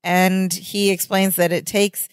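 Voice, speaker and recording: Woman co-host, chatty recap voice, dry close mic, mid pitch. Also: little pitch movement, clean tone, no echo. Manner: chatty, fillers and quick asides. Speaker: podcast co-host. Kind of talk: casual chat recapping a sitcom episode.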